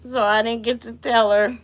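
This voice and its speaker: Her voice a little high, a woman greets her chat viewers while telling an animated story in a casual live-stream chat.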